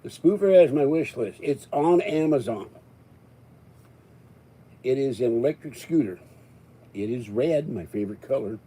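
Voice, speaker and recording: A man's voice: mid-range voice, lively intonation, a little slow, pauses often, dark tone, husky. A man hosting a live stream, rambling and joking as he chats. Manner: joking, rambling, chuckling often.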